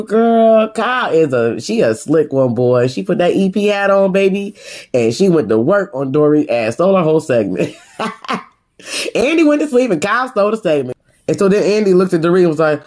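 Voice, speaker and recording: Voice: mid-range voice, very animated, normal speed, darkish tone. A sassy reality TV reviewer giving a casual, slangy recap full of laughter.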